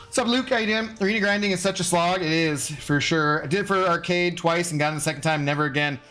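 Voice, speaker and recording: A man's voice: a little high, quick pace, sharp tone, soft background music. A man casually chatting with his live-stream viewers while gaming, rambling and answering chat messages. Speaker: game streamer.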